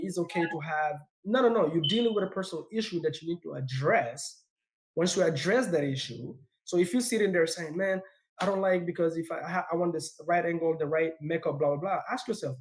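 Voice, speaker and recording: Guy with an accent guesting on a podcast, high voice, talks super fast, really emphatic. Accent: non-native English accent. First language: not English; speaks four languages. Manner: energetic, emphatic, repeats words when excited. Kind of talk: casual podcast conversation.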